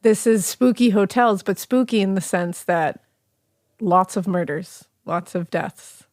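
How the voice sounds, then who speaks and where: A woman's voice: medium pitch, a little slow, darkish tone, no room sound, studio quality. Chatty woman podcast co-host. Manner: chatty, laughing, lots of fillers like "you know". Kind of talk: casual chat.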